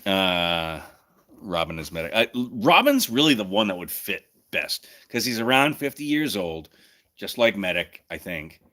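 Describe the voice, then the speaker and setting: A man with a very low voice hosts a relaxed livestream chat, thinking out loud and tossing out jokes. His pitch swings widely as he talks. His tone is bright and forward, even at such a low pitch. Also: unhurried. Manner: musing, thinking aloud, joking. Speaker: streamer hosting a chat.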